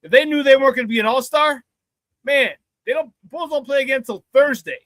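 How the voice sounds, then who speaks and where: A man with a high-pitched voice hosts a loose sports talk stream, chatty and upbeat. He laughs often and repeats phrases for emphasis, and the sound is close and dry. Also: a little fast, fairly bright tone, no room sound. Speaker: sports talk show host. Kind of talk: casual live sports talk, reading viewer chat.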